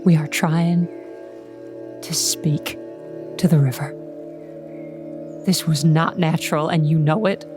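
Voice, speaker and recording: A woman's voice: low voice, steady tone, slow, long pauses, over music. A woman playing her character in a tabletop game, talking in an earnest, pleading, folksy way. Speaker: player. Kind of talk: in-character tabletop role-play.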